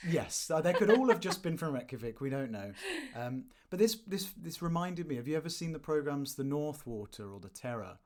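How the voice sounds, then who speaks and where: A man's voice: a little high, expressive, a little fast, hardly any pauses, darkish tone. A man from the English Midlands co-hosting a film podcast, chatting casually with lots of fillers and restarts. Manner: rambling, hesitant, many fillers and restarts. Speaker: podcast co-host. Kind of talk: casual film-review chat.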